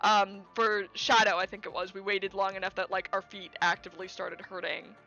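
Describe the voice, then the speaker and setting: A young woman streamer chatting casually, telling a story with lots of fillers, restarts and excited quoted lines. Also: medium pitch, a little fast, creaky, dull audio, soft background music. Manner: animated, rambling with many fillers and restarts, quoting people in raised voice.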